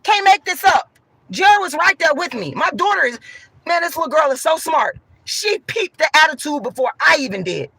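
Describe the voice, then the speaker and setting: Loud, emphatic woman venting, bright and gravelly. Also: high-pitched, very animated, normal speed, no room sound, poor audio. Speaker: vlogger. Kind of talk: venting monologue to viewers.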